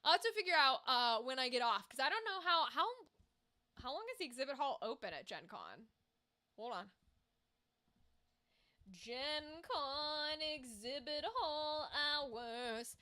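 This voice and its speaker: A woman's voice: high-pitched, very animated, fairly quick, sharp tone. An American woman streamer chatting casually and animatedly on a livestream, reading out viewer comments and swearing freely.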